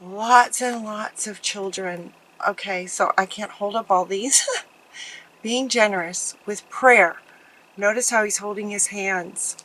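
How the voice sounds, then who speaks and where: A woman reading tarot cards for viewers, earnest and tender, often halting and restarting mid-sentence. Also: medium pitch, fairly bright tone, a little hiss or hum, low-quality recording. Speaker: tarot card reader. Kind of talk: pick-a-card tarot reading.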